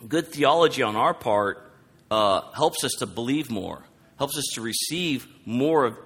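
A man preaching a sermon, animated, acting out quoted lines as he goes. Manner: animated, acts out quoted lines with rising pitch. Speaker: pastor. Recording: long hall reverb.

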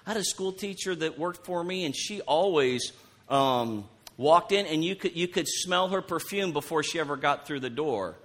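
Conversational pastor, fairly high voice. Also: male voice, animated, normal speed, fairly bright tone. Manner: conversational, repeats words, asks the congregation questions. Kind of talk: sermon.

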